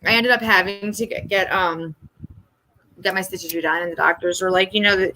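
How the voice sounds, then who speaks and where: A woman hosting a candid live chat, telling blunt, profane stories and acting out quoted lines with lively emphasis. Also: mid-range voice, brisk, a little hiss or hum, rough recording. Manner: blunt, profane storytelling with animated re-enacted quotes. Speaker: host.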